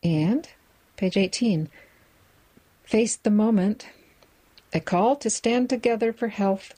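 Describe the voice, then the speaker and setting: A woman reading a magazine aloud in a measured way, describing its photos with the odd aside. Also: mid-range voice, darkish tone, poor audio. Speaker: reader of a magazine for listeners.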